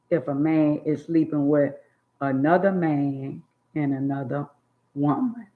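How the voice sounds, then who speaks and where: An older woman, scolding in a blunt, preachy monologue on her channel. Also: deep voice. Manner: drawn-out emphatic words. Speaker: channel host. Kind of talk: opinionated monologue. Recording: dull lo-fi phone audio.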